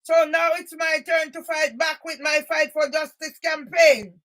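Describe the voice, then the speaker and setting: Angry high-voiced woman ranting. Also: steady tone, a little slow. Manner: angry and confrontational, repeated emphatic loud bursts. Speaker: author and campaigner. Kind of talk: ranting monologue addressed to one person.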